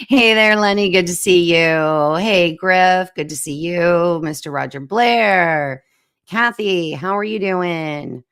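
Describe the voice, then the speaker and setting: A woman's voice: fairly low pitch, slow, smooth, no echo, studio quality. A woman hosting a casual livestream chat, greeting viewers one by one with lots of fillers, her voice cutting in and out. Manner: warm greetings to viewers by name, many fillers. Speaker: livestream host.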